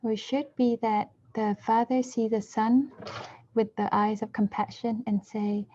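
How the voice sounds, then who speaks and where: A woman interpreting a dharma talk, speaking in measured short phrases and now and then correcting herself mid-word. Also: a little high, little pitch movement, mellow, slight background noise. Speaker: interpreter for a Buddhist teacher. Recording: dull lo-fi recording.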